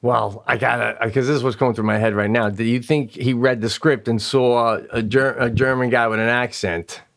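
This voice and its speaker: A man's voice: mid-range voice, steady tone, normal speed, vocal fry, fairly bright tone. A man co-hosting a casual comedy podcast, playful and laughing as he riffs on jokes. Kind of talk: casual chat.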